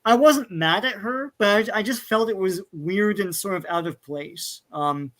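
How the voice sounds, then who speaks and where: A man's voice: high-pitched, a little slow, a bit bright. A man on a movie review panel, chatting casually and retelling scenes with lots of laughter and quoted lines. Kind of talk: casual chat.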